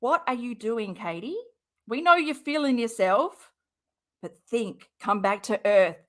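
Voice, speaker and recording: A woman's voice: on the high side, lively intonation, measured pace, a bit bright. A woman hosting a casual reaction commentary, blunt and swearing freely. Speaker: reaction host.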